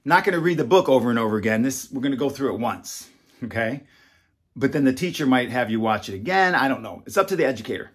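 A husky-voiced man talking to an imagined class of young children. He goes slow, repeats definitions, and coaxes the listeners along with little checks like "right?" and "okay?". His pitch sits in an ordinary middle range. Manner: slow, repetitive, coaxing, talks to children as a class. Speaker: self-styled educator and founder. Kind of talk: slow teacher talk aimed at kindergartners.

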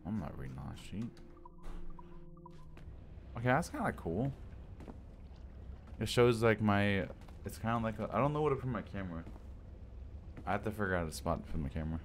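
A man's voice: fairly low pitch, very animated, moderate pace, pauses often, slight background noise. A young man giving casual, joking commentary as he plays a game on stream. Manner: chatty, joking, mild swearing.

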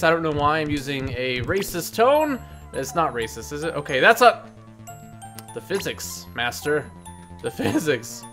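Excitable gamer guy, bright forceful voice, jokey let's play commentary, faint music behind. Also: on the high side, normal speed. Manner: excitable, jokey, loud outbursts. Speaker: gaming video host.

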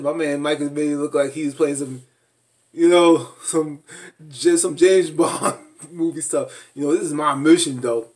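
A man recapping a reality show in a casual vlog, animated and laughing, mimicking people with high squeals. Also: recorded from a distance. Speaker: reality TV reviewer.

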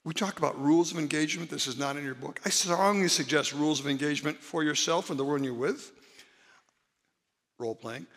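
A man preaching a conversational sermon as pastor, acting out examples with rises and drops in pitch and volume. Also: quick pace, a bit bright, long reverb tail. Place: church.

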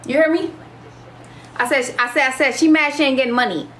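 A woman's voice: high-pitched, fairly even intonation, a little fast, a bit bright, slight background noise. A woman hosting a casual livestream, talking to viewers in a brash, boastful, profane way. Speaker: livestream host.

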